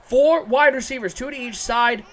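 A man doing excitable play-by-play commentary for a video game football broadcast, joking and shouting on big plays. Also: extremely high pitch, normal speed, a little hiss or hum.

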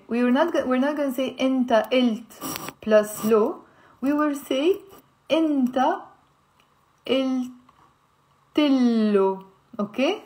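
A woman teaching a language lesson, patiently spelling out sounds and checking in with "okay?". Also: high voice. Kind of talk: language lesson explaining pronunciation.

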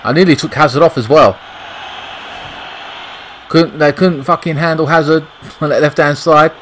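A man's voice: on the high side, normal speed, fairly bright tone, slight background noise, rough recording. A young British man giving frustrated, swear-heavy commentary over a football video game. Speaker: gaming YouTuber. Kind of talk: gameplay commentary.

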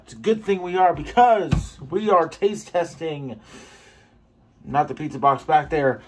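A man reviewing a pre-workout supplement in a casual taste-test vlog, excitable and swearing for emphasis. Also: on the high side, a little hiss or hum. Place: home gym.

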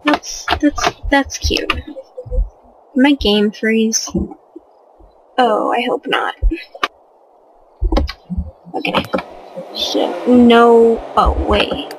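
A woman's voice: a little high, drawn-out words, long pauses, background noise. A young woman giving casual let's play commentary on a life simulation game, reacting with gasps and squeals. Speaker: gaming video creator.

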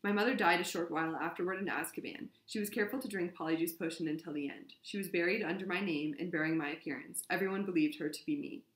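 A woman reading the confession of a drugged young man in a flat, expressionless voice. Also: lowish voice, quick pace, few pauses, close to an everyday voice. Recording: roomy echo.

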